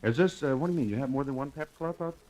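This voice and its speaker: A man's voice: medium pitch, rapid-fire, a little mellow. A man hosting a live radio show, chatting and teasing his young guests. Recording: dull lo-fi 1950s radio recording.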